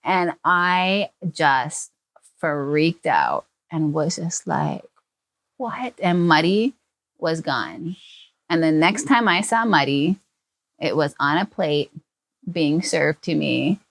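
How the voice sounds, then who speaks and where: A woman, a podcast guest, telling a childhood story in a casual, animated way. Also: low-pitched, slow pace. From Hawaii. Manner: animated storyteller who acts out quoted family members.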